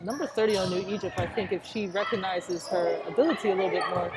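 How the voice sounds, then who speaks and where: A woman's voice: medium pitch, quick pace. Nervous woman calling a basketball game. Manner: nervous, excitable, chatty asides to listeners. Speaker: play-by-play announcer. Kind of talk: high school basketball commentary. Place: school gym during a game. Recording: noisy gym sound. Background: crowd ambience and bouncing basketballs.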